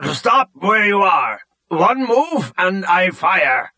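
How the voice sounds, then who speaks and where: A man voicing a fierce male alien pilot shouting slow, forceful threats in an audiobook. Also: sits high, sing-song, voice pushed up, heavily acted. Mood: threatening.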